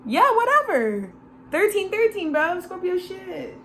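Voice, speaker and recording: A woman's voice: very high-pitched, big pitch swings, measured pace, fairly bright tone, a little hiss or hum. A woman giving a casual, channeled tarot reading, slangy and loose, calling listeners bro and laughing often. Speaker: tarot reader.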